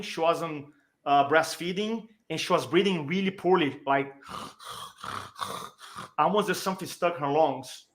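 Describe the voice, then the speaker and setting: Animated high-voiced man telling a story. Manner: energetic, emphatic, acts out quoted dialogue. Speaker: podcast guest, speaking coach.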